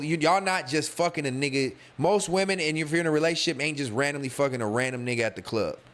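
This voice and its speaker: With a fairly bright, mid-range voice, a young podcast host riffs casually on a livestream. He swears freely, uses plenty of slang, and addresses his chat head-on while reading their messages.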